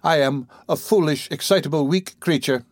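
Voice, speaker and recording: A man reading aloud, voicing a flustered female workhouse matron in a high, breathless, whimpering voice. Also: moderate pace, no echo, close to an everyday voice. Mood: demure.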